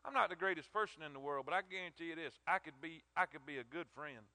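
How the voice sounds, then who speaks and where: A man's voice: a little high, quick pace, bright, forceful tone, dry recording. A man preaching a sermon in an emphatic, emotional way, often repeating his words.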